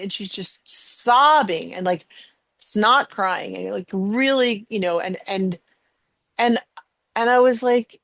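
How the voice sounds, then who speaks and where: A woman's voice: mid-range voice, slow pace, gravelly, fairly bright tone, dry recording. A middle-aged woman hosting a podcast, telling a personal family story in conversation, emotional and rambling with many fillers and restarts. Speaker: podcast host.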